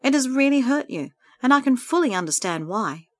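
A woman reading aloud plays a kind friend in a storybook, soothing and encouraging, her voice a touch higher than her own. The recording is close and dry, with no room sound. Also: big pitch swings, fairly quick, dry recording.

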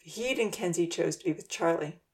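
A woman narrating a children's storybook aloud in a steady, gentle way. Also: on the low side, fairly quick.

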